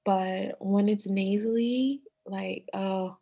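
A woman co-hosting a podcast in relaxed, chatty conversation. Her voice is gravelly and husky, with a slightly nasal edge. She thinks out loud and laughs easily. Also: medium pitch, takes it slowly, lo-fi sound. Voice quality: nasal at times. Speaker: podcast co-host. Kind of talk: casual chat.

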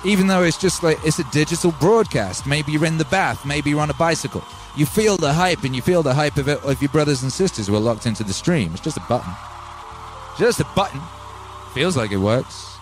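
A man from England hosting a livestream, telling stories in a rambling, animated way with many asides. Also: on the high side, fast, hardly any pauses, faint music behind. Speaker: livestream host and music producer. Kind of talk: casual storytelling on a stream.

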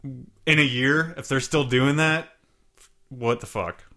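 A man's voice: mid-range voice, steady tone, slow, sharp tone. A man co-hosting a podcast in loose, rambling casual chat, swearing now and then. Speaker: podcast co-host.

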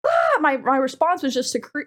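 A young woman with a high, bright voice chats casually on her podcast. She is animated and giggly and breaks into sudden squeals. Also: normal speed. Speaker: podcast co-host and streamer. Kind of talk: casual chat.

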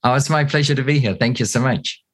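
A man with a New Zealand accent, an interview guest telling wry anecdotes in a relaxed way. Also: medium pitch, fast talker, husky. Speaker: guest, real estate investor. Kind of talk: relaxed storytelling interview answers.

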